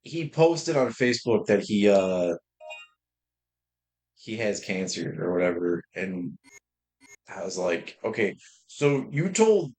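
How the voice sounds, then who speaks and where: Profane, rambling young man streaming. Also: lowish voice. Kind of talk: casual livestream chat while gaming.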